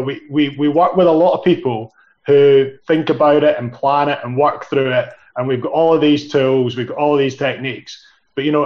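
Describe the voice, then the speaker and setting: A man on a business podcast, chatting earnestly and tagging his points with "you know" and "right". His mid-pitched voice comes through a little muffled and dull. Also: darkish tone. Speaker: podcast guest. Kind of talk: casual chat.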